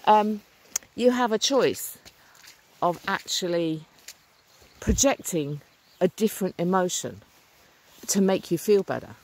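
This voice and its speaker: A woman's voice: on the low side, expressive, slow, a little mellow. Upbeat woman vlogging on a walk. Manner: earnest, upbeat, chatty with fillers. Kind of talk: walking vlog, casual talk to camera. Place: outdoors on a rural lane by a stream. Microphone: phone or camera held while walking.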